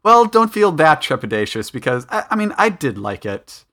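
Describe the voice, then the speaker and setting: Give me a bright-sounding male podcast host, chatty and meandering. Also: on the high side, big pitch swings, normal speed. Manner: chatty, thinking aloud with fillers. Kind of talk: casual chat.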